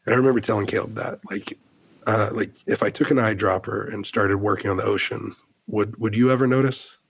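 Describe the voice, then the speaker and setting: A man's voice: fairly low pitch, fairly even intonation, a little fast, vocal fry, a little hiss or hum. A man in his thirties from the United States, a podcast guest telling a heartfelt personal story in an earnest way, full of "like" fillers and restarts.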